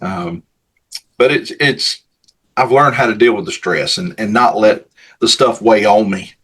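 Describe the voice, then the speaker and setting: A man who is a paramedic and pastor, talking in a measured way with dry, dark humor as a guest. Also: fairly low pitch, husky. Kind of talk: casual interview chat.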